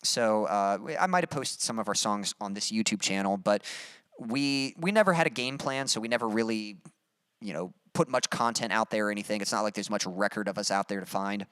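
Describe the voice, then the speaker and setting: A man's voice: fairly low pitch, brisk, fairly bright tone, clear, resonant tone, no echo. A young adult man hosting a casual livestream, upbeat and chatty as he reads out viewer comments. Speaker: livestream host and musician.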